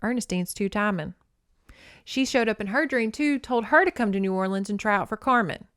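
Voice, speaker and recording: A woman podcast host giving a campy, animated comedic recap of a novel and slipping into character voices. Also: medium pitch, fairly quick, smooth, dry recording, clean studio sound.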